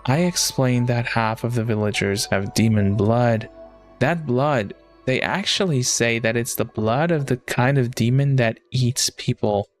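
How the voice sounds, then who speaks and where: A man voicing a calm woman telling a grim village legend, reading a visual novel aloud at a slow, measured pace. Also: medium pitch, soft background music, lightly acted. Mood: ominous.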